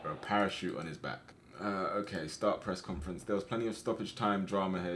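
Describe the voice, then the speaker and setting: Excitable young man, lowish voice. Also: a little fast, slight background noise. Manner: excitable, shouts at his players on screen. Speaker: gaming streamer. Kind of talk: casual game commentary.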